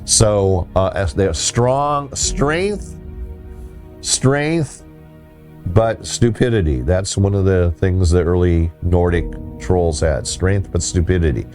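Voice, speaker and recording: A man hosting a casual talk on folklore, telling a story in a rambling, halting way with many restarts. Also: low-pitched, a little mellow, faint music behind. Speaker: host.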